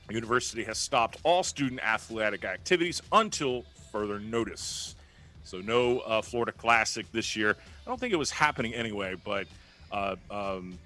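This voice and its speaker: A man reading the sports news on a morning radio show, chatty and relaxed, with frequent fillers. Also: lowish voice.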